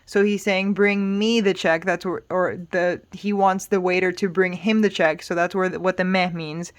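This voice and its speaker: A woman teaches a lesson in a casual, explanatory way, her voice sitting a little on the low side. She is patient and reassuring, pausing with small fillers as she works through each point. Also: fairly even intonation. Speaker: Spanish teacher.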